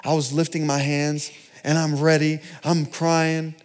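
A man giving a personal sermon testimony in church, storytelling with big swings between loud and hushed delivery. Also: fairly high pitch, flat delivery, a little slow. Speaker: pastor.

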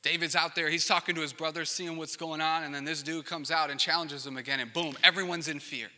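A male pastor preaching in a relaxed, conversational way and slipping in joking asides. His voice is very bright and sharp, and it carries a long reverb from a big hall. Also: fairly high pitch, fairly quick. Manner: casual and conversational, acting out quotes with joking asides. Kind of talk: sermon.

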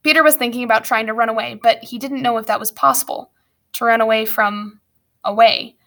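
A woman reading a storybook aloud as narrator, with lively storytelling and wry asides. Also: a little high, fairly quick. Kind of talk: audiobook narration.

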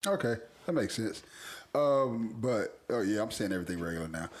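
A man's voice: fairly low pitch, lively intonation, moderate pace. A young man co-hosting a casual talk show, telling stories loosely with lots of swearing and frequent laughter. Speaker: podcast co-host. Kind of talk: casual chat.

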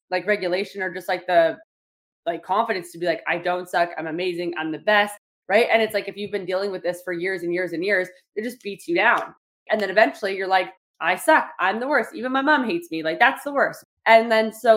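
A woman hosting a solo podcast, talking casually with many "like" fillers and acting out little quoted exchanges. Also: medium pitch. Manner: chatty, lots of "like" fillers, acts out quotes. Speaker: podcast host.

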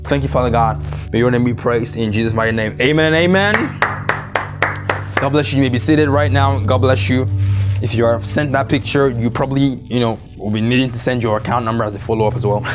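A man preaching a sermon, slow and emphatic in scripture, then joking and confessional with the congregation. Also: medium pitch, over music. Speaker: pastor. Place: church service, streamed online.

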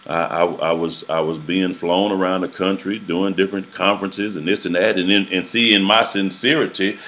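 A man who preaches, telling his own story in a halting, earnest way, repeating words as he searches for them. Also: low voice, fairly even intonation, a bit bright. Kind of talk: personal testimony in a casual interview.

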